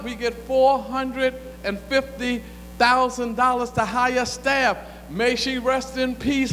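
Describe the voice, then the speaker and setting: A man with a rather high voice delivers a fiery, colloquial speech, telling stories with growing excitement. His voice rings with a long hall reverb over a faint hum. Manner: animated, colloquial storyteller who gets excited. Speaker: former city council member giving a talk.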